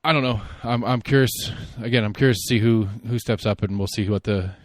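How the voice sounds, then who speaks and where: A man hosting a solo podcast, giving rambling, opinionated political commentary and thinking out loud. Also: fairly low pitch, a little fast, no room sound, clean studio sound. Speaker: podcast host.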